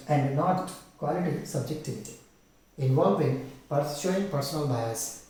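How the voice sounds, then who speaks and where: A man's voice: fairly high pitch, dark tone, a little hiss or hum. Man teaching, far off in an echoey room. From India. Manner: walks through exam questions, repeating key terms. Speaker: English teacher. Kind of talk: exam-prep lecture.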